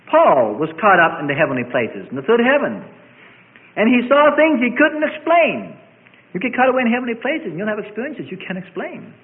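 A man preaching a sermon, building to emphatic peaks and dropping to soft, conversational asides. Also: high voice. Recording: tinny phone-like recording.

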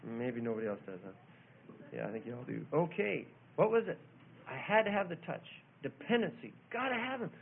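High-voiced preacher on a tinny recording. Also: male voice, big pitch swings, fairly quick, creaky, a little hiss or hum. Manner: storytelling, rising to loud emphatic scripture reading. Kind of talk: sermon. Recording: tinny phone-like old recording.

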